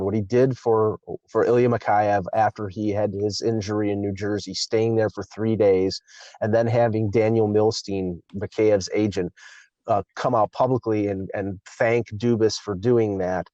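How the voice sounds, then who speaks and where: A man's voice: lowish voice, a little mellow, dry recording. A man co-hosting a casual hockey talk show, rambling with many restarts as he explains players. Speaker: co-host. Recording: dull lo-fi sound.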